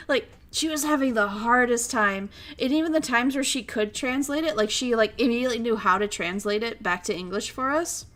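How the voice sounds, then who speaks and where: A woman streamer chatting casually, telling a story in an excitable way, laughing often and acting out what people said. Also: fairly high pitch, brisk, faint music behind. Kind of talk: casual chat.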